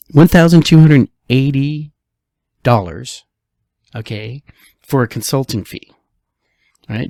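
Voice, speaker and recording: Gravelly-voiced chatty man. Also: mid-range voice, no echo, studio quality. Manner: chatty, rhetorical questions, frequent "all right". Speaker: real estate broker vlogger. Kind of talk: casual market commentary.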